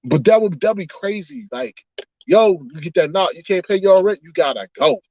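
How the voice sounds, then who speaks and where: Man, livestream chat, lively swooping pitch, fairly high voice, dry dull sound. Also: moderate pace, no echo. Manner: animated, laughing, preachy asides. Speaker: online streamer.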